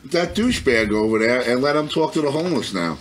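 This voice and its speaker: A man's voice: medium pitch, expressive, fast talker, slight background noise. A man throwing blunt, crude jabs in casual banter.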